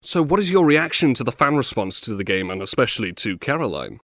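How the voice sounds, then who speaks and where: A man hosting an interview, asking questions and telling stories with lively, jokey asides. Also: medium pitch, a little fast, no echo, clean studio sound. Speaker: interview host.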